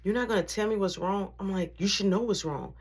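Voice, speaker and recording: Husky woman telling a story in slang. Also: mid-range voice, a little fast. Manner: animated, slangy, acts out quotes. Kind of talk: casual storytelling.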